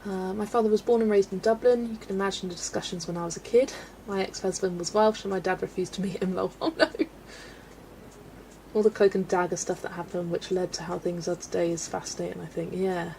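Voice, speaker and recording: A woman's voice: lowish voice, steady tone, fairly quick, vocal fry, dark tone, a little hiss or hum. A woman from the UK hosting a casual colouring livestream, chatting and laughing as she reads out viewer comments. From United Kingdom. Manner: chatty, rambling, laughs often, reads chat aloud. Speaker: livestream host reading chat. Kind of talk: casual chat while colouring.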